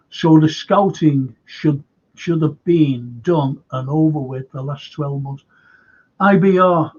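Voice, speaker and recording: Fan-show host, raised pitch, gravelly, swears, muffled audio. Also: male voice, a little mellow. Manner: anecdotal storyteller, swears freely. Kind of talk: casual fan show chat. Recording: dull lo-fi stream audio.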